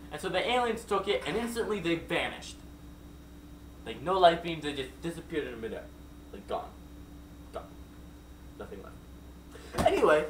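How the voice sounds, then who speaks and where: A man's voice: on the high side, fairly bright tone, slight background noise. A man telling a made-up, silly story off the cuff, rambling with many digressions and asides. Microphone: distant mic. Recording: roomy echo from far off, faint background.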